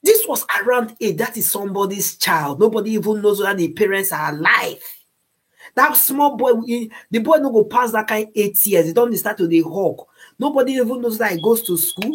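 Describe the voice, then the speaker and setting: Nigerian woman, husky tone, preachy moral talk that drifts into Pidgin. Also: medium pitch, animated, moderate pace. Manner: slips into Nigerian Pidgin phrases; preachy, repeats words while searching. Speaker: speaker giving moral advice.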